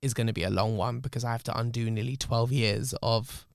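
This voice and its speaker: A man, speaking on a podcast in an emotional, reflective way. His voice sits at an ordinary middle pitch. It is recorded close and dry, with no room sound at all. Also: steady tone, brisk, gravelly, dry recording. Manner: emotional, reflective, swears freely. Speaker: podcast host. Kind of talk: candid podcast storytelling.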